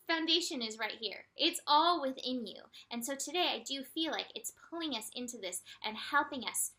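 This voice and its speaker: A woman with a high, bright voice talks through a day's astrology and tarot reading. Her delivery is gentle and soothing, broken up by light laughs and animated, quoted asides. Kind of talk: casual spiritual forecast.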